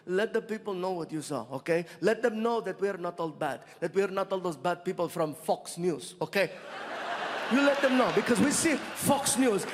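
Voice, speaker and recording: A man's voice: sits high, slight background noise, lightly acted. A comedian voicing an emotional Saudi man with a Middle Eastern accent who pleads earnestly in broken English. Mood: pleading. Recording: long reverb of live venue.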